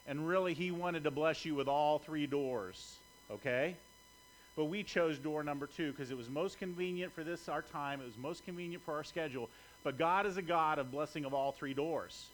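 A man's voice: fairly high pitch, moderate pace, a bit bright, slight background noise, low-quality recording. Conversational man preaching a sermon. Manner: conversational, often checking in with "okay?". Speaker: pastor.

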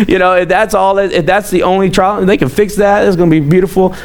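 A man in his thirties preaching a sermon as a pastor, telling personal stories in an animated way with frequent restarts. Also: high voice, quick pace, few pauses. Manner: animated, storytelling, repeats words.

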